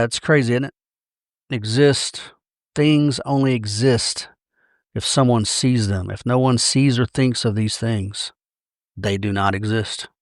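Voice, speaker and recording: A man's voice: fairly low pitch, dry recording, studio quality. A man with a Southern accent hosting a podcast, talking through ideas in a chatty, wry way and often correcting himself mid-sentence. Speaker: podcast host. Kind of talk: casual monologue.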